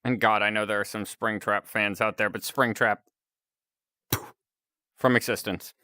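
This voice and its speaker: A man's voice: lowish voice, steady tone, unhurried, sharp tone, smooth, dry recording, clean studio sound. A man chatting casually on a live stream, rambling and chuckling between remarks.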